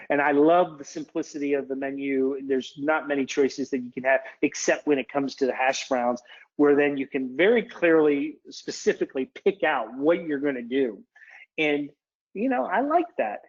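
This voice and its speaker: A man giving a casual, chatty webinar presentation, digressing and interrupting himself as he talks. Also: a little high. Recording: dull lo-fi webinar audio.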